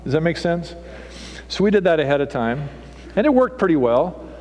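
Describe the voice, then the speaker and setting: A middle-aged man preaching a sermon as pastor, animated and theatrical, acting out people's voices to make his points. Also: moderate pace, in a large hall, slight background noise. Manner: animated, mimics people with raised pitch and punchy delivery.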